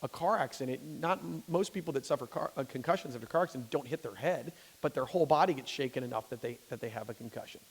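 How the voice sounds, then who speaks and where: A man's voice: mid-range voice, quick pace, hardly any pauses, slightly rough. A man, a physician, giving a conversational lecture to a lay audience. He often restarts sentences and checks in with "okay?". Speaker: physician giving a public talk. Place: church hall. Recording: long hall reverb.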